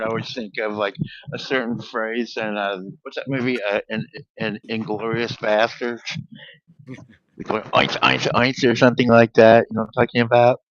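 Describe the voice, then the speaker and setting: A man's voice: lowish voice, a bit bright, no room sound, highs cut off. A man co-hosting a podcast, chatting casually in a rambling way full of fillers. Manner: rambling, filler-heavy, laughing. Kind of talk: casual chat.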